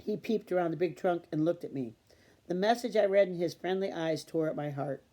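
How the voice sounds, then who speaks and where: Mellow-voiced woman reading a story aloud. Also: fairly low pitch, a little fast. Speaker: audiobook reader.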